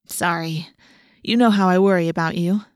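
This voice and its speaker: A woman's voice: lowish voice, steady tone, moderate pace, smooth, no room sound, studio quality, natural voice. A woman voicing a caring mother who frets and fusses over her daughter. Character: worried caring mother, a busy lawyer.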